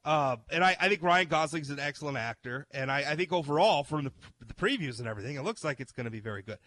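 A man's voice: fairly high pitch, expressive, fast talker, a bit bright. A man hosting a talk show, chatting casually about the news with frequent restarts and reading articles aloud. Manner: chatty, self-interrupting, reads articles aloud. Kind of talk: casual opinion chat.

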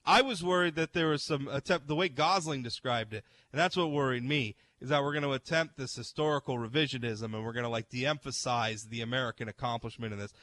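A man's voice: mid-range voice, a little fast, few pauses, a bit bright. A man hosting a talk show, chatting casually about the news with frequent restarts and reading articles aloud. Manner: chatty, self-interrupting, reads articles aloud. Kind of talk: casual opinion chat.

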